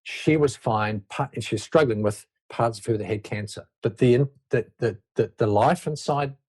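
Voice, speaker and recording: A man with a mid-range, slightly rough, somewhat mellow voice talks at a moderate pace as a leadership expert being interviewed. He explains his ideas reflectively and loosely, often restarting sentences, in a conversational tone.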